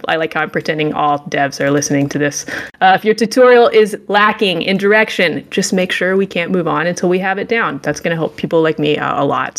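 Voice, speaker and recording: Low-voiced young woman podcast co-host; sarcastic, playful recapper who acts out characters. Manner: sarcastic, acts out game dialogue in a mock-heroic voice. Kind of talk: casual game review chat.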